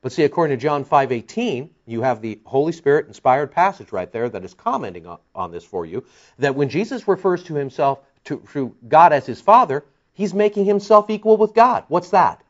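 Older male pastor, lively conversational sermon, muffled lo-fi recording. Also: medium pitch, fairly quick. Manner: animated, conversational preaching with frequent restarts.

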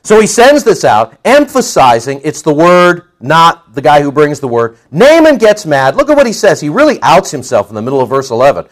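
A middle-aged male pastor preaching a folksy, animated sermon, joking with his congregation and acting out voices. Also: on the high side, normal speed, few pauses.

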